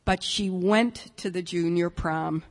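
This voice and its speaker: A woman's voice: on the low side, fairly even intonation, slow pace. An older woman telling a humorous, self-mocking personal story to an audience, with wry asides. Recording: long reverberant hall.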